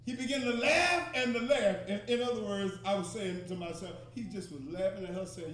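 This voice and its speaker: A man's voice: high-pitched, a little fast, hardly any pauses, a bit bright, a little hiss or hum. A man preaching in a storytelling sermon, repetitive and rousing, with laughter and calls to the congregation. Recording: echoey hall, mic far off, congregation.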